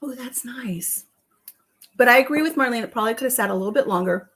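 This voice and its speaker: A woman's voice: fairly high pitch, expressive, rapid-fire, fairly bright tone. A woman hosting a casual home vlog, chatting and telling stories with a lot of laughter. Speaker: vlog host. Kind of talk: casual chat while tasting tea.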